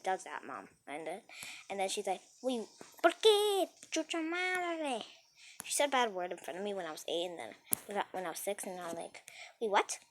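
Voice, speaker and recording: A woman's voice: mid-range voice, slight background noise. A woman telling a casual storytime tale, rambling and breathless as she goes.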